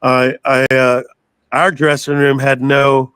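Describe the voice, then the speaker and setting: An older man telling a story as an interview guest, animated, swearing freely and laughing as he goes. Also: mid-range voice, takes it slowly, smooth, no room sound. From southern United States. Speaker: guest musician.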